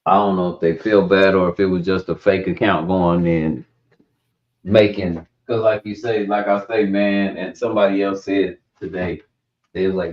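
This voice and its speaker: Low-voiced man on a lo-fi stream. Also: steady tone, normal speed. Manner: loose, rambling storytelling. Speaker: live stream host. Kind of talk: casual chat. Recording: dull lo-fi stream audio.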